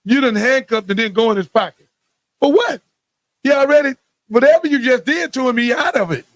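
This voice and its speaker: A man's voice: extremely high pitch, lively intonation, fairly quick, no echo, clean studio sound. A man, a podcast guest, talking bluntly and indignantly in casual chat, often repeating himself. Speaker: guest telling of his police beating.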